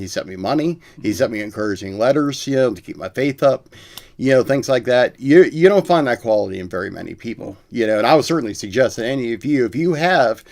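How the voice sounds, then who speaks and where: A man's voice: mid-range voice, a little mellow. A middle-aged man speaking as a guest in a casual conversation, earnest and reflective.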